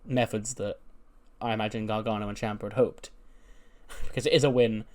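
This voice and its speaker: A man's voice: lowish voice, fairly even intonation, a little fast. A man casually recapping a wrestling booking game, chatty and full of fillers. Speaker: gaming YouTuber. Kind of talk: casual commentary on a wrestling sim.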